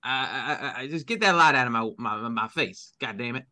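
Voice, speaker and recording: A man's voice: medium pitch, lively intonation, brisk, sharp tone. A man voicing a groggy, blood-covered rancher who stammers and grumbles while waking up. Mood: irritable. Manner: stammering, irritable.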